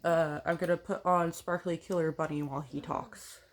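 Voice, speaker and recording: Sitting on her couch at home, a woman does her makeup and rambles through a casual get-ready-with-me chat, saying um a lot and correcting herself. She speaks at normal speed in a deep, steady voice, with a little hiss or hum in the recording.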